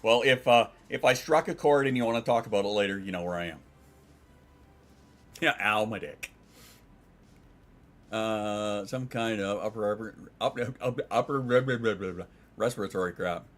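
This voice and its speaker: A man's voice: fairly low pitch, normal speed, long pauses, a bit bright. A man streaming from home, chatting casually and rambling, swearing and reading out chat messages.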